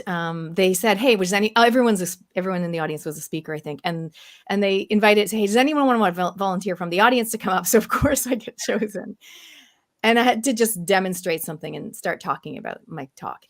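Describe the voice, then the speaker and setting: A woman's voice: mid-range voice, a little fast. A woman hosting a video call chat, talking in a chatty way and telling stories with quoted asides. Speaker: host. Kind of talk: casual chat on a live stream.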